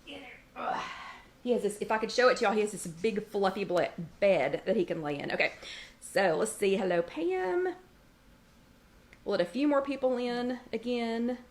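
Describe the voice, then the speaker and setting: A woman's voice: medium pitch, animated, fairly quick. A chatty middle-aged woman hosts a casual livestream chat from her kitchen. She greets viewers one after another by name and reads out their comments. Now and then she breaks off to scold her dog. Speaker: host of a weight-loss support livestream. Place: home kitchen.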